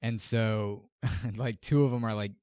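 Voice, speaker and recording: A man's voice: lowish voice, steady tone, measured pace, darkish tone, dry recording, studio quality. A young man co-hosting a podcast in casual chat, laid-back, swearing often and laughing. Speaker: podcast co-host.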